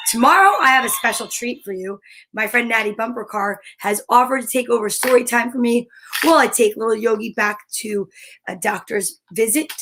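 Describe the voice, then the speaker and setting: A woman hosting a live stream in an upbeat, effusive chatting style, greeting viewers warmly by name and stretching out her hellos. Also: fairly high pitch. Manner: stretches out greetings slowly, sometimes drops to a soft whisper. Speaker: live-stream host and comedian.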